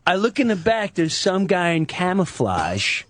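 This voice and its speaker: A man telling a comic story, excitable and profane, acting out the people in it. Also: high-pitched, a little slow, no room sound. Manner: excitable, profane, restarts and acts out voices. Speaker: comedian guest.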